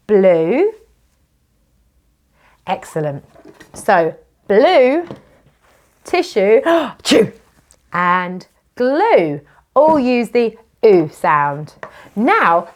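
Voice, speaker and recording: A British woman teaching children phonics, with a slow, sing-song and encouraging manner. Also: on the high side.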